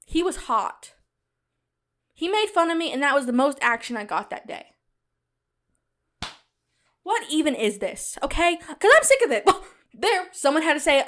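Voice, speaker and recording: High-voiced, chatty young woman. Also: normal speed, pauses often. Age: young adult. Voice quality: loud cackling laugh. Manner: chatty, animated, talks straight to listeners. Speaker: podcast host. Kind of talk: casual solo podcast chat.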